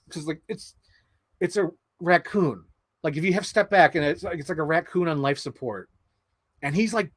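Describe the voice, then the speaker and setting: A vlog host, a man with a fairly high voice, talks in a loose, rambling way, stacking up fillers and breaking into laughs. He sounds openly emotional. The sound is dry and close, with no room echo. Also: fairly bright tone. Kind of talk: casual chat.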